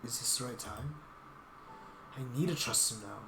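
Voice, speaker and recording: A man's voice: mid-range voice, moderate pace, background noise, lightly acted. A man reading the part of a flustered young man in a visual novel, hesitant and self-conscious. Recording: roomy echo with guitar music.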